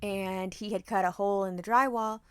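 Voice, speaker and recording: A woman co-hosting a podcast in casual chat, animated and profane, laughing often. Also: medium pitch, moderate pace, smooth, no room sound. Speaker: podcast co-host.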